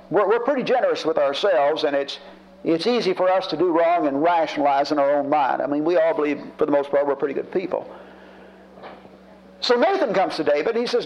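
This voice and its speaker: A man delivers a sermon in a lively, high-pitched voice that rises and falls freely. He talks to his listeners plainly and builds his points through repetition. The recording sounds dull and lo-fi. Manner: conversational preaching, emphatic repetitions. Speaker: preacher.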